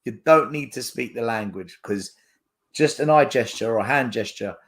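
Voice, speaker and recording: A man who is a youth football coach co-hosts a casual football podcast, speaking at normal speed in a medium-pitched voice. He is emphatic and sweary and laughs frequently.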